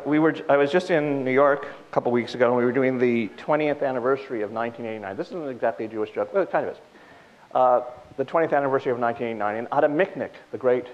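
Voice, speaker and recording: Halting man hosting a joke session. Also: medium pitch, a little hiss or hum. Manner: halting, full of fillers and restarts. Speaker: host. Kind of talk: telling jokes on stage. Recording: dull lo-fi stage recording.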